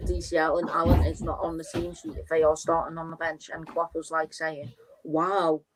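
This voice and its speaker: Low, flat-voiced young Scouse woman. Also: brisk, noisy background. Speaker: fan channel co-host. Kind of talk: casual football chat.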